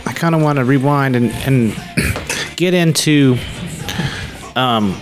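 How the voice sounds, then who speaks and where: A man co-hosting a podcast in casual chat, halting and wry, stammering restarts. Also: mid-range voice, music in the background. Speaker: podcast co-host.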